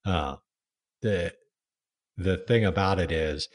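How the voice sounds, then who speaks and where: A man hosting a podcast as a leadership coach, talking in a relaxed, reflective way. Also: low voice, takes it slowly. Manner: relaxed, conversational, reflective with fillers. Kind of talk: casual podcast conversation.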